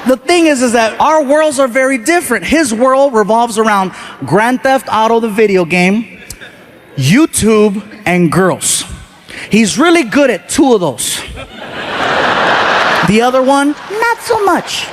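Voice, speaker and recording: A middle-aged man performing a stand-up comedy routine, telling animated stories and acting out the voices of his family. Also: very high-pitched, a little slow. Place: comedy stage with a live audience.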